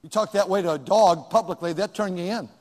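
Older man, pastor, sermon, high-pitched, hushed asides and sudden shouts. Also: a little fast, long reverb tail, a little hiss or hum.

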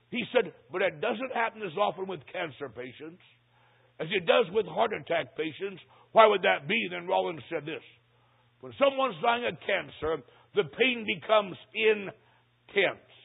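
Gravelly older man preaching a story. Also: sits high. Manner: dramatic storyteller, slows for emphasis. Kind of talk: sermon storytelling. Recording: tinny phone-like recording.

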